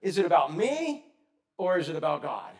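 Animated preacher man. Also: fairly high pitch, moderate pace. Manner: animated, conversational, swings loud and soft; asks the congregation questions. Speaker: pastor. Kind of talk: sermon.

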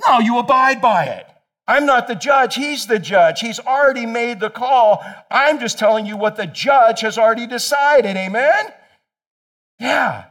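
A man preaching a sermon in church, animated, calling on members of the congregation by name and shouting for emphasis. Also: very high-pitched, measured pace. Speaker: pastor. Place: church sanctuary.

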